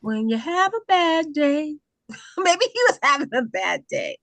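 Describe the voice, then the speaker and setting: A woman's voice: sits high, very animated, unhurried, fairly bright tone. A woman from California co-hosting a casual podcast chat, teasing her friends. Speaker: podcast co-host.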